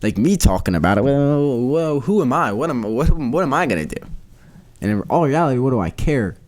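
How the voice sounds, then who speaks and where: A man's voice: medium pitch, big pitch swings, brisk, a little mellow. A man hosting a casual solo podcast, rambling and repeating himself in disbelief. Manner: rambling, repeats phrases, incredulous. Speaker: podcast host.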